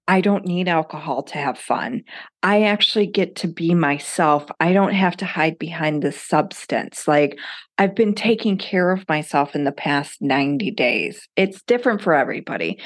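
A woman in her thirties hosting a podcast, talking casually and bluntly and swearing freely. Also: sits low. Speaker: podcast host. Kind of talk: casual solo podcast talk.

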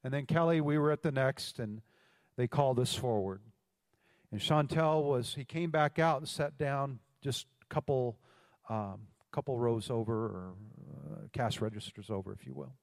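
A man serving as pastor preaches a sermon in a large church hall, telling a story and prompting responses from the congregation. His medium-pitched voice is creaky and moves at normal speed, with long hall reverb on the recording.

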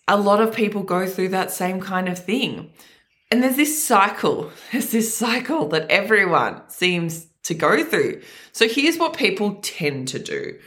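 A young Australian woman hosting a wellness podcast, talking in an energetic, chatty way with a slightly deeper morning voice. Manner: energetic, chatty, hype-girl enthusiasm. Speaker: podcast host and wellness coach. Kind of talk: upbeat podcast monologue.

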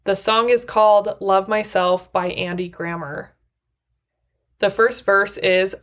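A woman hosts a solo motivational podcast in an earnest, encouraging voice. She speaks warmly and directly to her listeners at a medium pitch. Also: steady tone, takes it slowly. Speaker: podcast host.

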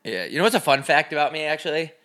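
A man's voice: a little high, lively intonation, racing, a bit bright. A young man co-hosting a podcast, chatting casually and telling crude, rambling jokes with lots of fillers. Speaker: podcast co-host. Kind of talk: casual chat.

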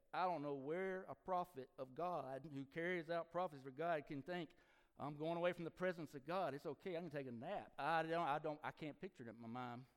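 Middle-aged preacher in an echoing hall. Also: male voice, fairly high pitch. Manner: impassioned, voice swells and drops, repeats phrases. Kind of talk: sermon. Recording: long hall reverb.

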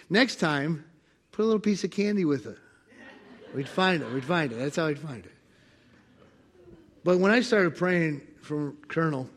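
A middle-aged man preaching a sermon full of personal stories, dropping to quiet asides and rising to loud, driven preaching as he acts out the voices in them. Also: fairly high pitch, gravelly, breathy edge. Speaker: pastor.

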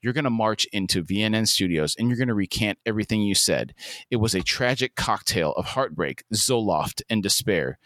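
A man's voice: fairly low pitch, lively intonation, a little fast, a bit bright, no echo, clean studio sound. A man voicing an arrogant, menacing superhero while reading a scene.

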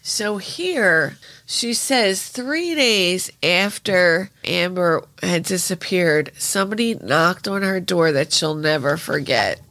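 A middle-aged woman retells a true crime case in a chatty way, often breaking off for emotional asides. Her voice is bright with a gravelly edge. The recording is dry and close. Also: fairly low pitch, expressive, slow pace, dry recording.

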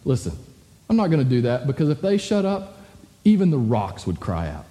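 A man voicing a calm male teacher who brushes off critics bluntly and dismissively. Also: medium pitch, brisk, big-room sound.

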